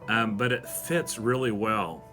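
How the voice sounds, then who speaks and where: A man's voice: on the low side, fairly even intonation, unhurried, sharp tone, faint music behind. Earnest man giving a devotional talk. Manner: earnest, emotional, reads song lyrics aloud. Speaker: host of a devotional show.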